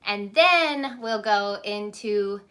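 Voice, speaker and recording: A woman's voice: medium pitch, lively intonation, slow pace, fairly bright tone. A woman in her thirties hosting a live baking stream from a small home kitchen on her phone, chatty, greeting viewers by name and stopping to tell her kids what to do. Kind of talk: casual live-stream chat.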